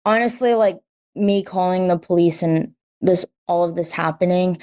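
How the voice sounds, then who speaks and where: A young woman telling her own story as an interview guest, filling her talk with "like" and acting out quotes in lively bursts. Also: lowish voice, normal speed. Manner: says "like" constantly, quotes herself and others in lively bursts.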